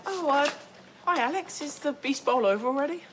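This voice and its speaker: Woman doing a nervous young man, stammering, lively pitch, loud background noise. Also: fairly quick. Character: young man, sweet, flustered boyfriend. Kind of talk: cartoon voice acting.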